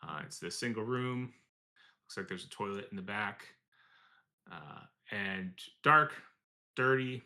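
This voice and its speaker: A man's voice: fairly low pitch, lively intonation, a little slow, long pauses, pushed and bright. A man acting as game master, narrating a tabletop game scene in a loose, rambling way full of fillers and self-corrections.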